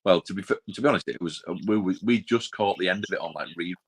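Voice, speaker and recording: A very low-voiced man, chatting casually on a film podcast. He rambles, restarts his sentences and trails off into quiet, mumbled asides. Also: fast, slightly rough, poor audio. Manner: rambling, self-interrupting, drops into quiet asides. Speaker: podcast co-host. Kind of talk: casual chat.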